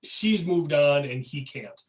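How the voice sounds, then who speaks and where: A man with a fairly high voice, co-hosting a casual music podcast. He sits a little back from the mic, so he sounds somewhat distant. He talks through the songs one at a time and keeps chiming in with short agreements. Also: expressive, slow. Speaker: podcast co-host. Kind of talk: casual chat.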